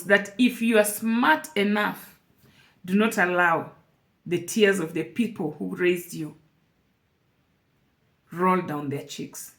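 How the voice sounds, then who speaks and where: A woman's voice: on the low side, takes it slowly, long pauses, a bit bright. A woman speaking to camera in an emotional personal vlog, earnest and repeating phrases for emphasis. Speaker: vlogger.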